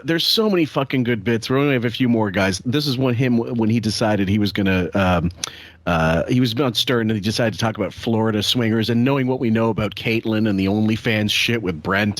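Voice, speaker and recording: A man's voice: on the low side, brisk, no room sound. A man hosting a podcast, chatting casually and profanely between clips with rambling asides. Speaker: podcast host. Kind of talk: casual chat introducing clips.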